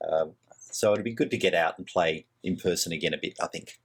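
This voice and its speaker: A man's voice: low-pitched, brisk. A man co-hosting a tabletop game podcast, talking in an upbeat, chatty way. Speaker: podcast co-host. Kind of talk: casual chat.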